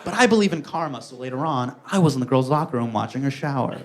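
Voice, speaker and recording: A man's voice: mid-range voice, fast, a crowd in the background, background noise. A young man performing a stand-up comedy set, telling self-mocking stories and acting out the dialogue. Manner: animated, self-mocking storytelling with acted-out dialogue.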